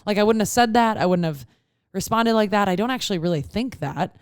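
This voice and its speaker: A woman's voice: mid-range voice, brisk, no room sound, studio quality. Chatty young woman podcast co-host. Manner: chatty and expressive, acting out dialogue. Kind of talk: casual chat.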